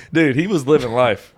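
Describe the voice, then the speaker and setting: A man around forty, co-hosting a podcast in loose, casual chat. He tells stories with animated energy and keeps breaking into laughter. His voice sits at an everyday pitch. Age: 40s. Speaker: podcast co-host.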